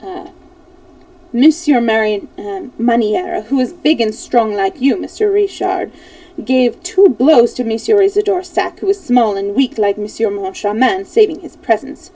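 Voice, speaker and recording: A woman reading a classic novel aloud as a storyteller on a live stream, expressive, stumbling now and then over names. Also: medium pitch, measured pace, creaky, far from the mic, poor audio.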